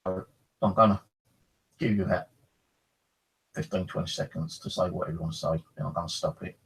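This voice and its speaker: Speaking a little fast in a deep, gravelly, slightly rough voice, a paranormal storyteller rambles through his own ghostly encounter in a casual, animated way. He curses freely, dropping swears here and there, and the audio quality is poor.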